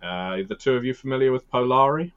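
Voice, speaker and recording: A man's voice: medium pitch, lively intonation, fast, smooth. A man co-hosting a tabletop game podcast, chatting casually with a rambling, wry manner. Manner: rambling, wry, laughs at his own jokes. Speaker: podcast co-host, game master. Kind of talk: casual chat. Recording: dull lo-fi audio.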